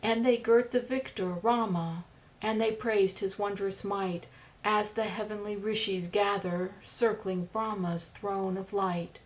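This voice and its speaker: A woman narrating an audiobook, reciting epic verse with a steady rhythm. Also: medium pitch, a little slow, poor audio. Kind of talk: reading epic verse aloud.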